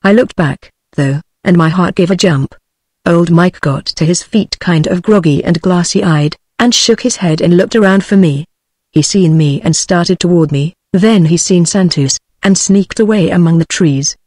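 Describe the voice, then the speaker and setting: A synthetic British woman's voice narrates a book in an even, machine-read manner. The sound is dry and close, with no room around it. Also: on the low side, normal speed, no room sound. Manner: even synthetic reading, same voice for every character. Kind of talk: text-to-speech audiobook reading.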